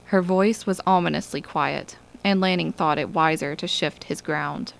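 Gravelly lady reading a story out loud, calm and measured. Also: low-pitched, poor audio. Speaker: audiobook narrator. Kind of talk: scripted narration.

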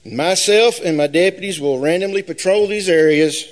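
Nervous male candidate, slightly higher voice, plain-spoken with hesitant fillers. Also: normal speed. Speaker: sheriff candidate. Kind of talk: campaign speech at a forum. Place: high school forum hall.

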